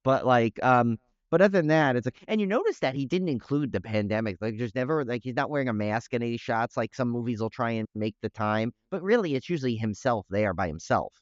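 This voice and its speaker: A man co-hosting a podcast in casual chat, rambling and animated with many restarts. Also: medium pitch, brisk, dry recording, highs cut off. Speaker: podcast co-host.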